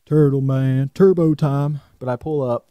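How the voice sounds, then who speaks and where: A young man co-hosting a podcast tells a story casually and animatedly, cursing freely. His medium-pitched voice runs a little slow, with clean studio quality and no echo.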